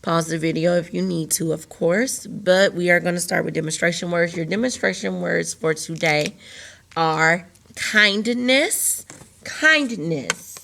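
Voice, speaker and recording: A woman teacher giving a recorded lesson to young students, slowly enunciating words and sounds for them to repeat. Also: on the low side, vocal fry, fairly bright tone. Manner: slow, deliberate, enunciating words for young learners.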